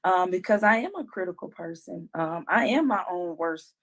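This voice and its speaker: A woman's voice: lowish voice, animated, moderate pace. A woman co-hosting a casual podcast chat, speaking candidly and acting out her own self-talk. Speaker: podcast co-host.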